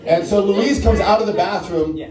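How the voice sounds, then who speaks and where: A man's voice: sits high, normal speed. Stand-up comic man with an American accent. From Netherlands. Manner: conversational, keeps tagging lines with "right?". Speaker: stand-up comedian. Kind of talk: stand-up storytelling. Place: comedy club stage. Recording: echoey room, from far off, crowd. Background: audience laughter.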